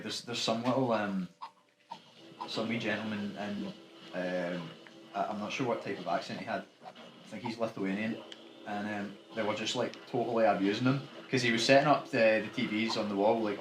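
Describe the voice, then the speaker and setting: A Scottish man with a fairly low voice co-hosts a let's-play, rambling and swearing freely as he chats through a co-op video game. The room is echoey and noisy, with game music playing in the background.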